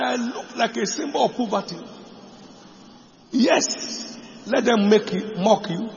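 A middle-aged male pastor preaching a sermon boldly, with bursts of shouting and laughter. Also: extremely high pitch, slow, creaky, long pauses. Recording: dull echoey hall recording.

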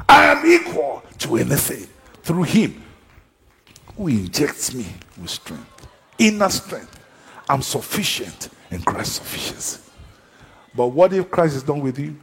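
A pastor preaching in a raspy, gravelly voice, his pitch leaping high and dropping low. He bursts into shouts, then slows to drawn-out phrases. The sound carries the long echo of a large hall. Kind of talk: sermon. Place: church service with a seated congregation.

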